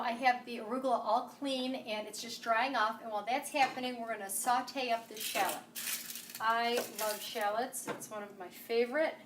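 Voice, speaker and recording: A chatty woman with a bright, fairly high voice hosts a cooking demonstration in her home kitchen. She sits a little back from the camera mic, and sizzling pans and clattering utensils are clearly heard behind her. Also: distant mic, background noise. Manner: chatty and enthusiastic, talks straight to the viewer. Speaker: home cooking show host.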